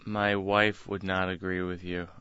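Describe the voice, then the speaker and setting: A man's voice: low-pitched, level tone, measured pace, pushed and bright, dull audio. A man from Massachusetts, a guest comedian on a radio interview, telling stories in a laid-back, rambling way with frequent chuckles. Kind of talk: casual interview storytelling.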